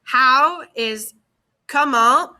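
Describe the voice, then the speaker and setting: Slow, bright-voiced woman teacher. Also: high-pitched. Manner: slow, careful, repeats key words for students. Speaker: French teacher. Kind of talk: slide-based classroom lesson.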